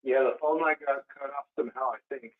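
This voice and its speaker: A mid-pitched man from Southern California calls in and rambles, often restarting his sentences. The sound is narrow and phone-like. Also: fairly even intonation, fast talker. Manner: rambling, hesitant, repeats himself. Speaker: caller. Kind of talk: casual call-in chat. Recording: phone-like call audio.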